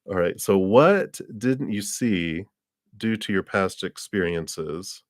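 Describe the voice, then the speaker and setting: A man giving a live-streamed tarot card reading. He rambles in an unhurried way, with many fillers and soft laughs between thoughts. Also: on the low side, dry recording, clean studio sound.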